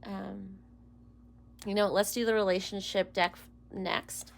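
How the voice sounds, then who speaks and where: A woman's voice: mid-range voice, flat delivery, unhurried, creaky, background noise. A woman doing a casual tarot reading to camera, emotional and close to tears, rambling and dropping into whispers. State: near tears. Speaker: tarot reader.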